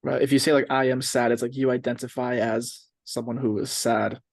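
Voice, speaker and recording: A man hosting a casual interview podcast, his voice sitting at an ordinary middle pitch. He asks his questions softly and hesitantly, with many fillers. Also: level tone, a little fast, creaky. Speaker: podcast host.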